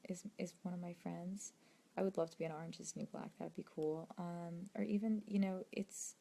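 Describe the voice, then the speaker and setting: Late at night indoors at home, a young actress and video creator reads fan questions on a livestream. Her lowish voice has vocal fry, and she talks softly and hesitantly, often sinking to a near-whisper.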